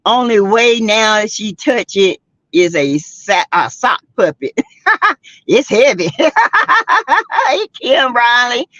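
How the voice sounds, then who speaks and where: An older Southern woman with a Southern US accent chats through the latest gossip with her viewers, sassy and quick to laugh. Her voice swoops up and down with lots of life. The recording is dry and a little dull, like basic webcam audio. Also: mid-range voice, dry recording. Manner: animated and sassy, laughing often, calling out to viewers. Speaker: host of a celebrity gossip livestream. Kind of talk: casual gossip chat with viewers.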